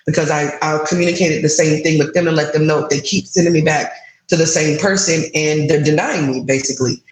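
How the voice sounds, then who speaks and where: Recorded with poor audio in a room full of echo, a low-pitched woman in her thirties appears as an interview guest. She frankly relates a frustrating experience from her own life, emotion audible in her voice.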